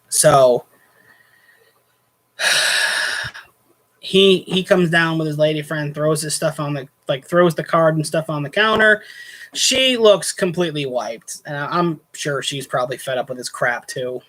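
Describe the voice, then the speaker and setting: A man's voice: on the high side, normal speed, long pauses, a bit bright. A man hosting a casual show, telling a story from his hotel night shift and acting out both sides of the argument with growing indignation. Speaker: host, former hotel night clerk.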